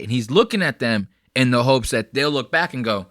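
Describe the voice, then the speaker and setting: A young man with a bright, forceful voice hosts a podcast and rants bluntly about clips he is watching. The sound is dry and close, with no room around him. He swears freely and keeps circling back to press his point. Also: medium pitch, animated, brisk, no room sound. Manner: blunt, profane, heated ranting. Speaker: podcast host. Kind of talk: casual commentary reacting to clips.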